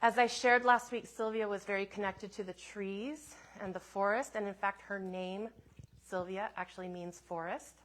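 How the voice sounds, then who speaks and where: A woman minister telling a personal story in a sermon, in a gentle, reflective way with soft asides. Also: medium pitch, fairly even intonation, normal speed.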